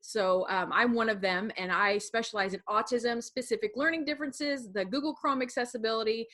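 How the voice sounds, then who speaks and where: Chatty, fast-talking woman presenting online. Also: fairly high pitch. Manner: chatty and relaxed, rushing with many fillers. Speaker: assistive technology specialist presenting a webinar. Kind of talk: casual, fast-paced webinar presentation. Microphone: video call.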